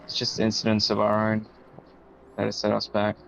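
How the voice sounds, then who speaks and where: A man's voice: fairly low pitch, completely flat delivery, normal speed, creaky, fairly bright tone, lo-fi sound, slight background noise. A teenage boy, a sim racing driver, giving brief, hesitant answers with ums in an interview. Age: teens.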